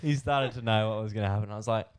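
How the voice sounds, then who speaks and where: A young man with an Australian accent, chatting casually on a podcast. His voice sits fairly low, and he rambles through a long anecdote, packing it with fillers and quoted bits. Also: very fast, noisy background. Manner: rambling, filler-heavy, animated retelling. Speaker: podcast co-host. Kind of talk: casual chat, storytelling.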